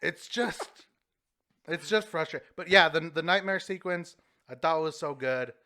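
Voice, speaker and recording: Man, casual podcast chat, high voice, bright tone, animated. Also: normal speed. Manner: animated, rambling, laughs often. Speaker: podcast co-host.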